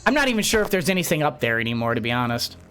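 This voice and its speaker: Chatty excitable woman gaming. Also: rumbling low, racing, soft background music. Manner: chatty, excitable, frequent gasps and laughs. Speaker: gameplay streamer. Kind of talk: casual game commentary.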